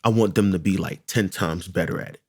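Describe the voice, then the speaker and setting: A man in casual podcast chat, a father talking loudly and animatedly, often repeating himself. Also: low-pitched, fairly quick, dry recording, clean studio sound. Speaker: podcast co-host.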